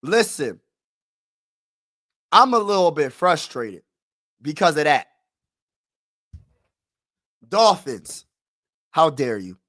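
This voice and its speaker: A man hosting a casual live stream who talks to his chat in slang, repeats himself, and swings from low mutters to frustrated shouting. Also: big pitch swings, slow, pauses often.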